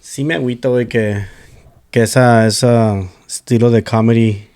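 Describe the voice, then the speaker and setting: A man's voice: medium pitch, steady tone, brisk, a little mellow, smooth. A man co-hosting a casual talk show, chatting loosely and swinging between English and Spanish with plenty of swearing. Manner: switches between English and Spanish mid-sentence, swearing freely. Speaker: podcast co-host. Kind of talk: casual chat.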